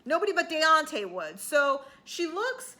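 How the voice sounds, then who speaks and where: A woman's voice: high voice, big pitch swings, unhurried, bright, forceful tone. A woman recapping a reality TV show in a chatty, sarcastic, rambling way, with plenty of fillers and the odd swear word. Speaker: TV recap vlogger.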